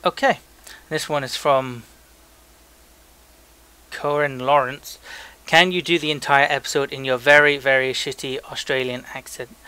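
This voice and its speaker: A man's voice: mid-range voice, steady tone, unhurried, sharp tone, clear, resonant tone. A young man co-hosting a casual podcast, reading listener emails aloud in a joking, loose way with frequent stumbles. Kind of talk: casual chat.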